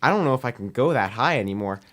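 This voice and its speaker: A teenage boy sits in as a podcast guest and tells a story the loose, chatty way. He leans on "um" and "we're like" to act out each exchange, at an ordinary pitch for a young man. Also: expressive, fast talker, noisy background. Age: teens. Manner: rambling, heavy use of "we're like" and "um". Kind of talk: casual anecdote telling.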